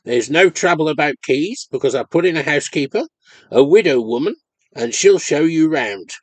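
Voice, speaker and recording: A man playing an honest, slow-witted older farmer with a Cornish accent and plain rustic speech. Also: on the high side, expressive, darkish tone, dry recording. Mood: cautious.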